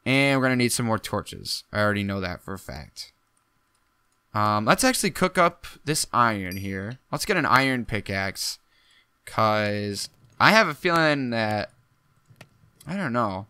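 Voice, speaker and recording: A young man giving casual gameplay commentary, excitable and jumpy, talking to himself as he plays. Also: mid-range voice, unhurried, pauses often, clean tone. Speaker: gaming YouTuber.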